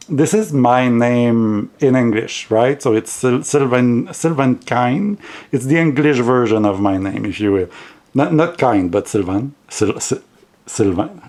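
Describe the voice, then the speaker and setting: A man's voice: medium pitch, a little mellow. A man with a French accent, a native French speaker, chatting casually and hesitantly in a monthly wrap-up video, with frequent restarts and fillers. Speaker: tarot vlogger.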